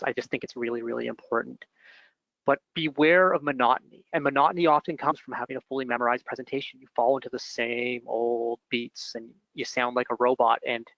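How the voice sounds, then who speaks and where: Gravelly Canadian man, dull dry recording. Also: mid-range voice, fairly bright tone, no room sound. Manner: conversational, stresses key words with bursts of emphasis. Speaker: webinar presenter and consultant. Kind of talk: casual instructional talk.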